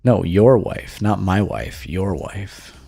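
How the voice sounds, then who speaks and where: A man's voice: on the low side, lively intonation, unhurried, darkish tone, dry recording, faint music behind. A man voicing a doting, possessive young wife while reading a text game aloud, in a plain, lightly acted tone. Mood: sweetly possessive.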